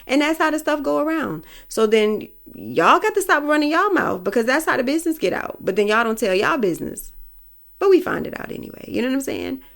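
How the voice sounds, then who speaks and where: A woman's voice: high voice, very animated, a little fast, gravelly, a bit bright. A woman hosting a podcast, giving her opinions in a blunt, vulgar, emphatic way with speech. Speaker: podcast host. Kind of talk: casual opinion monologue.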